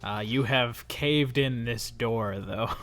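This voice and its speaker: A man narrating as game master in a casual tabletop session, laughing often and filling pauses with "um". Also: medium pitch, a bit bright, a little hiss or hum.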